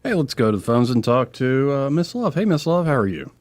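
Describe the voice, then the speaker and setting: A man with a Southern accent hosting a talk radio show, speaking in a relaxed, conversational way and reading scripture slowly. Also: medium pitch, dry recording.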